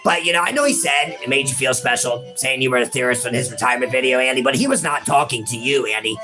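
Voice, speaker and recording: A man's voice: mid-range voice, fast talker, music in the background. A man co-hosting a game playthrough in casual banter, teasing and profane, dropping his partner's name into nearly every sentence. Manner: teasing, profane, keeps saying the other host's name. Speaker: co-host playing the game. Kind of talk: casual let's-play banter.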